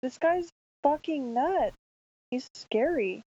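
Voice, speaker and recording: A woman's voice: sits high, expressive, takes it slowly, warm tone, dry recording. A woman co-hosting a podcast, joking sarcastically and swearing freely while discussing a film. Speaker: podcast co-host. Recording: dull, dry sound.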